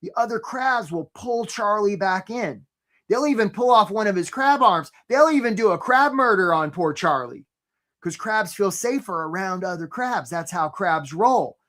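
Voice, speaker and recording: A man's voice: high voice, animated, moderate pace, a bit bright. A man hosting a live career webinar, talking energetically and conversationally, often checking in with "right?" and greeting attendees by name.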